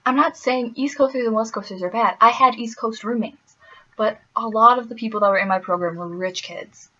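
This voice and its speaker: A young woman from the US Midwest telling stories in a casual vlog, animated, laughing often and slipping in playful asides. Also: fairly high pitch, a little fast, lo-fi sound. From Wisconsin, US Midwest. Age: young adult. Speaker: vlogger.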